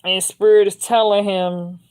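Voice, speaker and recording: A woman's voice: medium pitch, little pitch movement, unhurried, darkish tone, clear, resonant tone. A woman giving a spiritual tarot reading in a loose, conversational way, often adding "you know what I'm saying.". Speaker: tarot reader.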